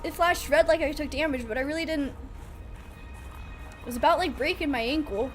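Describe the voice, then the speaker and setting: A woman's voice: high-pitched, a little fast, faint music behind. A young woman streaming a survival game, chatting to her viewers, joking and laughing, with sudden alarmed outbursts. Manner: chatty, talks to chat and the game, laughs often, bursts of alarm. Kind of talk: live gameplay commentary.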